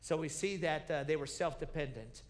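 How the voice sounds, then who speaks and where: Pastor in the pulpit, a man with a high voice, retelling Bible stories with gusto, repeating his points, in a reverberant sanctuary. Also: normal speed. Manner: animated storytelling, acting out biblical characters' lines; repeats key phrases, asks the congregation questions. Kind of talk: sermon. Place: church sanctuary. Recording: reverberant church sanctuary broadcast.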